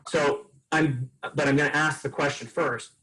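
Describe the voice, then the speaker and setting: A man's voice: on the high side, unhurried, slight background noise, low-quality recording. A man leading a sales training session, telling customer stories casually and acting out the dialogue. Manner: casual, lively storytelling with acted-out dialogue.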